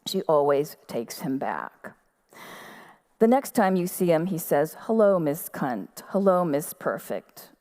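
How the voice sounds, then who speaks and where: A woman giving a measured, quiet literary reading of her own fiction at an outdoor festival stage. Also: low-pitched, sing-song.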